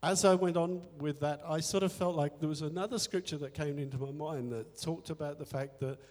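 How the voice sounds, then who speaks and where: The man, a church elder, speaks briskly in a slightly high, somewhat mellow voice at a church service. He candidly tells a personal faith story, quoting his inner dialogue and laughing at himself, and the hall sounds echoey with faint music.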